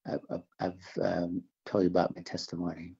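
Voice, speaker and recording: Gravelly low-voiced man giving earnest testimony. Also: completely flat delivery, dark tone, lo-fi sound. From Navajo Nation, American Southwest. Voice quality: gravelly, husky. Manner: earnest, halting with repeated restarts. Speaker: interview guest. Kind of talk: religious testimony interview.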